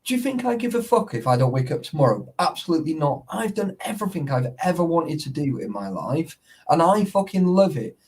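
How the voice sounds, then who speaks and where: A man's voice: fairly high pitch, big pitch swings, a little fast, few pauses, darkish tone, recorded from a distance. A man in casual chat, rambling and swearing, forever checking that the listener follows. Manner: sweary, rambling, keeps asking "you know what I mean".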